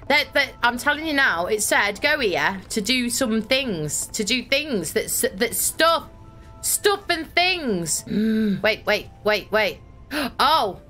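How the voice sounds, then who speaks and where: A woman's voice: medium pitch, a bit bright. A young woman streaming a horror game, thinking aloud, swearing and getting exasperated. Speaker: gaming streamer. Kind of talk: live gameplay commentary.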